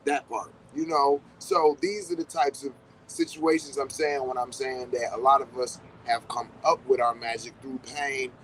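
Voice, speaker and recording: A man talks in a loose, rambling way and swears casually. He acts out little reactions as he goes, at a medium pitch. Faint traffic and street noise sit in the background. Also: fairly even intonation, normal speed, fairly bright tone, poor audio. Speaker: podcast host. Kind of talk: casual spiritual talk.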